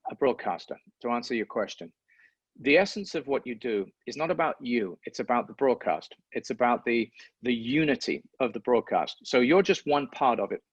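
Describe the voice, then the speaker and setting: A man's voice: medium pitch, lively intonation, normal speed, slightly rough, no room sound. A man, a sports broadcaster, talking reflectively in an interview and often repeating words as he thinks. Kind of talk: interview conversation. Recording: dull lo-fi sound.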